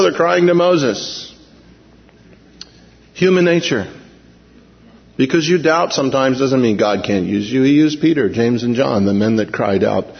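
A man preaching a sermon in a lively storytelling manner, often acting out the panicked cries of the people in the story. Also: medium pitch, a little slow, pauses often, in a large hall, dull audio. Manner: animated, acts out frightened voices of the people in the story. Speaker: pastor.

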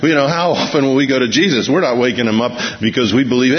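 A man preaching a sermon in a storytelling way, acting out the lines of the people in the story and changing his pace and loudness. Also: medium pitch, fast, few pauses. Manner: storytelling, acts out quotes with shifting pace and volume. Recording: dull, muffled sound in a long-reverb hall.

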